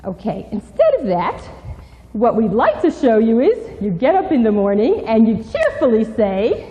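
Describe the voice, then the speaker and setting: A woman lectures young people on respect for parents, in an animated, instructive way. Her voice is fairly high and very lively, with a mellow tone. A long hall reverb trails behind her. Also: moderate pace, muffled recording, background noise. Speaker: parenting speaker. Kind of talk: lecture with role-play.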